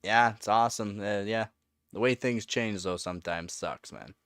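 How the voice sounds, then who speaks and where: A man's voice: on the low side, normal speed, a bit bright, no echo, clean studio sound. A man chatting casually on a live stream, telling rambling stories with lots of fillers and laughter. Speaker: live streamer answering chat.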